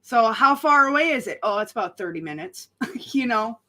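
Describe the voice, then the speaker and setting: A woman's voice: a little high, lively intonation, normal speed, bright, forceful tone. A woman from North Dakota chatting casually on a chat show. Her voice sits a little above the usual female range. She talks in a loose, chatty way and giggles often. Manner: chatty, giggly, frequent "like" and "okay". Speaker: podcast co-host.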